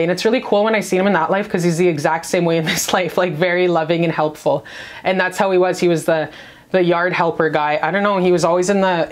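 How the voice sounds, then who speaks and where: A woman talking straight to the viewer in a casual spiritual love reading. She is brash and cheerfully profane, hyping the listener up like a pep talk. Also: fairly low pitch. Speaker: tarot reader.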